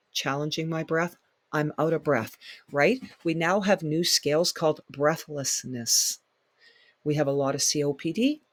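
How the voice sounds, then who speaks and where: A man's voice: on the high side, dry recording, clean studio sound. A man leading a fitness workshop as instructor, speaking emphatically and repeating his key points for the class. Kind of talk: workshop lecture.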